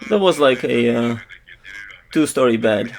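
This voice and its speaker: A man giving an English voiceover for an interviewee, speaking haltingly with many fillers and restarts. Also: medium pitch, expressive, gravelly. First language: Russian.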